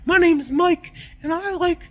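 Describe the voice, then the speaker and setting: A man's voice: very high voice, measured pace, bright, forceful tone, voice pushed up, exaggerated voice. A man putting on the voice of an exaggeratedly cheerful, helpful greeter who is eager to help strangers. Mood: chirpy.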